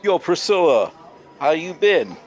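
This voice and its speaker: A man doing a cocky smooth-talking flirt. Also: a little high, big pitch swings, unhurried, voice pushed up. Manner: brash, smug, show-off flirting.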